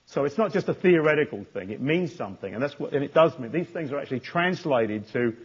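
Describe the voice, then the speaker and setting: Male lecturer, mid-pitched, husky, restarts and stresses terms; dull lo-fi lecture recording. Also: expressive, fast. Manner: repeats and restarts words, stresses key terms. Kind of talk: university lecture.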